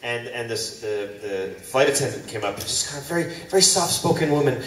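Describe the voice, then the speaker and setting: A man's voice: medium pitch, expressive, fairly quick. A man on a convention panel, bantering and bickering in mock exasperation with his co-star. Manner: teasing, mock-exasperated, playful. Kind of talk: improvised comic bickering with co-star. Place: large convention hall, recorded from the audience. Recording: far-off echoey hall audio with loud noise.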